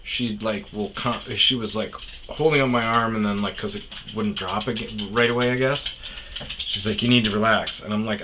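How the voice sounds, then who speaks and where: A man's voice: fairly low pitch, steady tone, normal speed, noisy background. A man hosting a podcast, telling a story in a profane, heated rant that keeps restarting its sentences. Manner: swears often, restarts sentences, gets heated. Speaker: podcast host.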